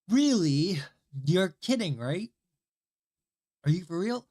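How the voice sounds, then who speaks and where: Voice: mid-range voice, very animated, slow pace, pauses often, darkish tone. A streamer at home, tired and coming down with a cold, chatting casually while practicing Japanese, frustrated and swearing often.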